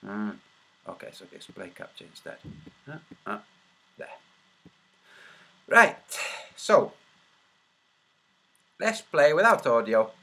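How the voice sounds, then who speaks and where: A man's voice: medium pitch, very animated, slow pace, creaky, long pauses, fairly bright tone. A man hosting a casual livestream, muttering to himself while he searches and then commenting in a mocking, sarcastic way. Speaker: video host.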